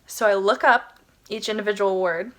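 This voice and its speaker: A young woman vlogging, telling a personal story in a casual, animated way, often saying "like," laughing, and sometimes dropping to a hushed whisper. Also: medium pitch, normal speed. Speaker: spiritual vlogger.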